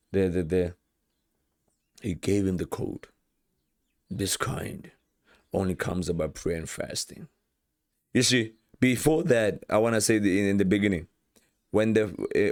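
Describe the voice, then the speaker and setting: A man delivers an informal sermon in a very deep voice. He retells Bible stories with lively acted-out quotes and often repeats himself as he builds a point. The sound is dry and close. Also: no echo. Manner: animated, acts out Bible scenes with quoted voices, repeats words. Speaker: preacher.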